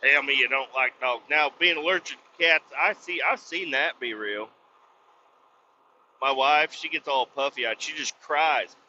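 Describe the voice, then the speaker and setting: A man hosting a podcast, ranting bluntly with lots of swearing and sudden loud outbursts. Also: mid-range voice, a little slow, slight background noise. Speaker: podcast host. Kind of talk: profane comic rant. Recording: slightly dull lo-fi recording.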